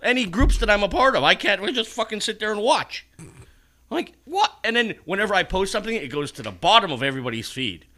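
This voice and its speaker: A man's voice: sits high, sing-song, fast talker, pushed and bright. A man ranting in casual chat, swearing a lot and sarcastic.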